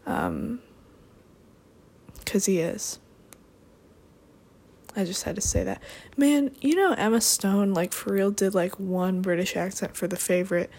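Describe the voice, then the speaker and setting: A woman's voice: medium pitch, darkish tone. A young woman hosting a podcast, chatting in a rambling, playful way with sarcastic asides. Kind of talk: rambling comedic chat.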